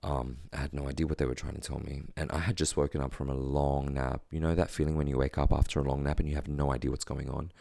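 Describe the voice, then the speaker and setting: A man telling a personal story in a quiet, halting, reflective way, with many pauses and fillers. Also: very deep voice, level tone, vocal fry, no room sound, studio quality.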